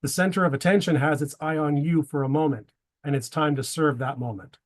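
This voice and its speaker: A man's voice: a little high, fairly quick. Man presenting with joking asides. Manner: wry, joking asides between tips. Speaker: presenter giving a talk to a men's group. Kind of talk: prepared presentation with dad jokes.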